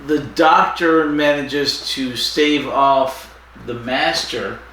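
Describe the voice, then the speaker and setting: A man co-hosting a podcast, recapping a plot in a slow, halting way with lots of fillers. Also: mid-range voice, sharp tone, slight background noise. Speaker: podcast co-host. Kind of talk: casual chat recapping an episode. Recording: echoey distant room mic.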